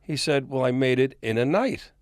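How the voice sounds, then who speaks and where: In a podcast interview, an older man from the music industry narrates long tales, dramatizing the quoted dialogue with energy. His pitch is medium and his speed normal, and the clean studio recording is dry.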